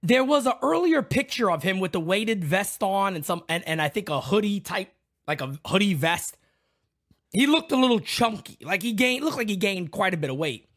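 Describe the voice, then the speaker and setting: A young man hosting a loud, excitable live reaction stream, shouting out names from the chat. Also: sits high, normal speed.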